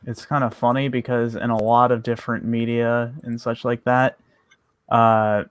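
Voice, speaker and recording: A man's voice: mid-range voice, little pitch movement, normal speed, clear, resonant tone, no room sound. A man co-hosting a casual podcast, making wry remarks and correcting the others. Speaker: podcast co-host. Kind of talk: casual group banter.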